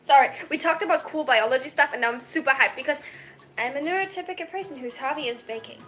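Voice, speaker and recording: Excitable young woman in her 20s, from Germany, high bright voice, giggly rambling chat, faint music behind. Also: fast. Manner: excitable, giggly, rambling with self-mocking jokes. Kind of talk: casual chat. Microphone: phone.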